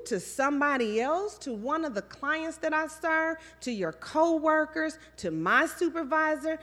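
A woman's voice: sits high, a bit bright. A woman giving a sermon, preaching conversationally with storytelling and quoted asides. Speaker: guest speaker.

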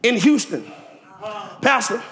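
A man preaching a sermon as a visiting preacher in a church, firing call-and-response lines and shouting them out. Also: extremely high pitch, very animated, slow. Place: church sanctuary. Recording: roomy church echo.

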